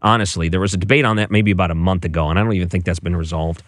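A man's voice: sits low, fairly even intonation, no room sound, studio quality. A man hosting a late-night call-in radio talk show, conversational and opinionated. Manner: conversational, opinionated, quick to laugh.

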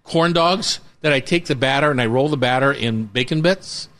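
A man's voice: mid-range voice, normal speed, fairly bright tone. A man hosting a casual food radio show from a kitchen studio, upbeat and rambling with jokes. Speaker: radio show host and chef.

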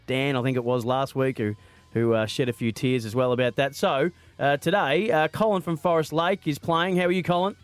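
A man's voice: medium pitch, fairly even intonation, a little fast, smooth, no room sound, soft background music. A man with an Australian accent hosting a radio quiz in a studio, chatty, joking and upbeat. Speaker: radio host.

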